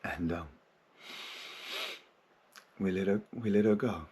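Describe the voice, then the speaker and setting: A man's voice: sits low, slow, mellow, breathy edge. A man hosting a spiritual podcast, talking frankly and casually, swearing freely. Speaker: podcast host.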